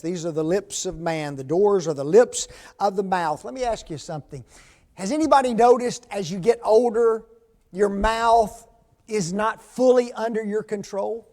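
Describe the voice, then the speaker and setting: High-voiced folksy preacher. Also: male voice, darkish tone. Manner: folksy, asks the congregation questions. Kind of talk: sermon. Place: church.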